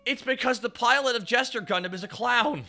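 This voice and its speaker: A man streaming, chatting with his chat in an animated way, swearing and laughing often. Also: very high-pitched, moderate pace, faint music behind. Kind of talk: casual chat.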